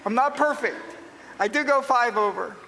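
Man, pastor from Pennsylvania, high voice, sermon in a reverberant hall, storytelling, loud swells and soft asides. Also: lively intonation, normal speed, creaky, a little hiss or hum. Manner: folksy storytelling, swinging from booming emphasis to quiet asides.

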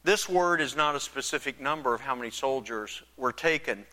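A man's voice: mid-range voice, lively intonation, a little fast, sharp tone. Man preaching in a echoing hall. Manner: conversational, imagines and acts out dialogue. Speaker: pastor. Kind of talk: sermon.

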